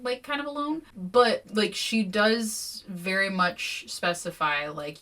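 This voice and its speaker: Casual swearing woman on a book podcast, bright voice, a bit far from the mic. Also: mid-range voice, slow pace, few pauses. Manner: animated, swears freely, acts out quotes. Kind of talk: casual book-club chat and reading aloud.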